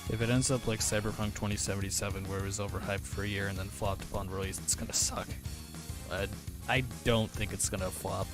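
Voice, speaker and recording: Dude streaming, lowish voice, just rambling and reading chat, music going behind him. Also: male voice, flat delivery, fast talker. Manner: chatty, rambling, answers chat aloud. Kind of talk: casual livestream chat. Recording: music playing under voice. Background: background music.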